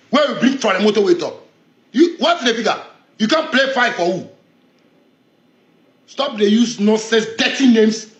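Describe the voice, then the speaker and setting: A man's voice: sits high, a bit bright, echoey room. A man with a Ghanaian Pidgin English accent in a heated, defiant rant, repeating himself as he challenges someone. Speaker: street figure in a viral video. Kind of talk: confrontational rant.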